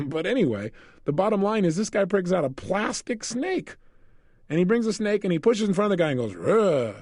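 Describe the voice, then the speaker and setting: A man who is a motivational speaker, telling stories in an animated way in a self-help audio program. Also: high voice, a little fast, no room sound, clean studio sound. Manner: animated storytelling, laughs often.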